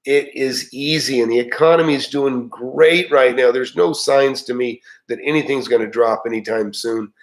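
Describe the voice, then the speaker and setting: A man's voice: mid-range voice, moderate pace, hardly any pauses, poor audio. Middle-aged male live-stream host, loose folksy delivery, lots of uh and restarts. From United States. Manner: rambling, folksy, many fillers and restarts. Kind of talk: casual live chat.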